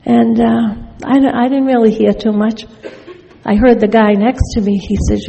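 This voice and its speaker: Slow, gravelly woman telling her story. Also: on the high side, fairly even intonation, warm tone, big-room sound, low-quality recording. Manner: wry storytelling, acting out remembered dialogue. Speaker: speaker sharing her recovery story. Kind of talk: personal testimony talk.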